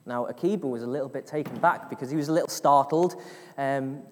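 A man's voice: medium pitch, a little fast, a little hiss or hum. A man preaching a sermon to a congregation, telling a story with acted-out voices and frequent laughs. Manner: lively storyteller, acts out voices, laughs often. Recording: long reverb of a hall.

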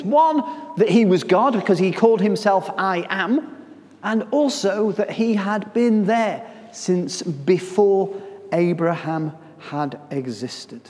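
Male preacher, unhurried delivery, swings from hush to loud emphasis, recorded in a hall with long reverb. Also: high voice. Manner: dramatic shifts between soft and loud delivery. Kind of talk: sermon.

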